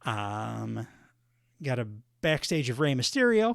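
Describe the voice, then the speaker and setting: A man's voice: medium pitch, animated, unhurried, no echo, studio quality. A man hosting a solo wrestling recap podcast, talking casually with many fillers. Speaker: podcast host.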